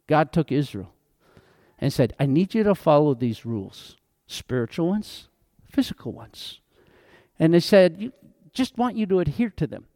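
A man preaching a sermon as pastor, animated, acting out quoted voices as he goes. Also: on the high side, no room sound, clean studio sound.

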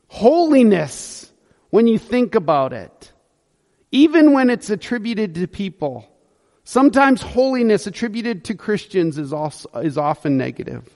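A male pastor delivers a sermon in a high voice and an unhurried pace, repeating words for emphasis. His voice rings with the long reverb of a church hall. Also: a little mellow. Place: church sanctuary.

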